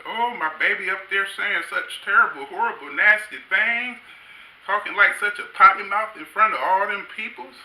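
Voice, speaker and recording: A man's voice: sits high, normal speed, sharp tone, recorded from a distance, pitched above the performer's own voice. A man voicing a scandalized grandmother near ninety who frets and scolds, on a roomy stage. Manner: fretful, scolding. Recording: roomy stage sound, faint ambience.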